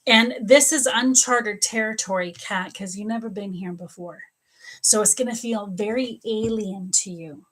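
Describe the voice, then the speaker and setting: Her voice sits in the mid-range, a bit bright, and she never rushes. On her live stream, this middle-aged woman does psychic readings in response to viewer questions, calling people by name, often saying things twice, and laughing frequently.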